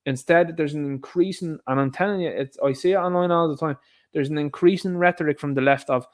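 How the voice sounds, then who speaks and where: A man's voice: on the high side, fairly quick. An Irish man giving indignant, sarcastic commentary on news headlines, addressing his viewers as lads. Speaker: vlogger, commentator.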